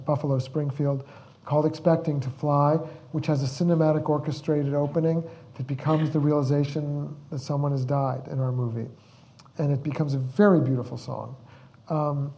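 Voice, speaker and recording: Brief: male director at a Q&A, slightly high, mellow voice, rambles through his stories and acts out the quotes. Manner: rambling, repeats words, acts out the quotes he tells. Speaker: film director speaking at a Q&A. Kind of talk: anecdotal storytelling at a Q&A.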